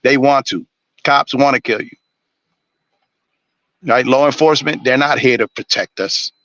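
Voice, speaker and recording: A man's voice: medium pitch, unhurried, a bit bright, dry recording, dull audio. A man ranting on a live stream, blunt and preachy, swearing constantly. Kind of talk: profane ranting monologue.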